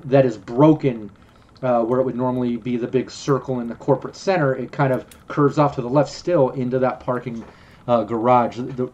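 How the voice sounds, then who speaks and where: A man's voice: mid-range voice, a little mellow, muffled recording. A man narrating a tabletop game as game master, rambling with many ums and restarts.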